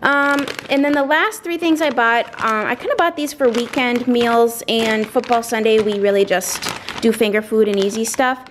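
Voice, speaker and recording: Showing off her grocery haul at home, this woman vlogger chats and rambles at a moderate pace, her pitch on the high side. There's background noise, and she sounds a little winded, peppering her talk with fillers and asides.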